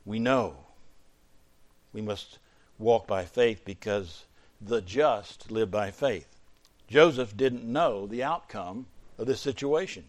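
A middle-aged man preaching a sermon, a pastor whose voice climbs to emphatic peaks and then falls low and quiet. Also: takes it slowly. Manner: preaching with sudden surges in pitch and loudness, then dropping low.

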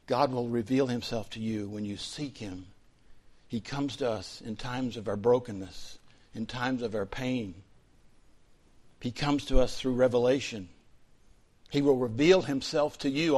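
A male pastor preaching a sermon, dropping to soft whispers and then rising to loud, fervent emphasis. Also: mid-range voice, measured pace, long pauses.

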